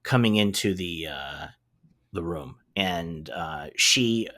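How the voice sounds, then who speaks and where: A man's voice: low-pitched, animated, takes it slowly, bright, forceful tone. A man co-hosting a casual podcast, recapping a cartoon episode in a rambling way, with many fillers and the odd swear word. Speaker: podcast co-host.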